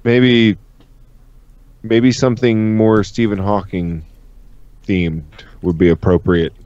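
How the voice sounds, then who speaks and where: A low-pitched man co-hosts a loose livestream podcast, teasing and cursing freely. His voice comes through dull and lo-fi, with a close, dry sound. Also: little pitch movement, slow, a little mellow, no echo. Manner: joking, profane, ribbing his co-hosts. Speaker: podcast co-host. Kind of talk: casual chat on a livestream podcast.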